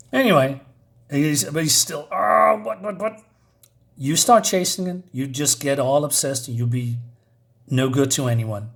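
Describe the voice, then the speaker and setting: A man reviewing a comic book in a chatty, casual way, with many fillers and asides. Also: medium pitch.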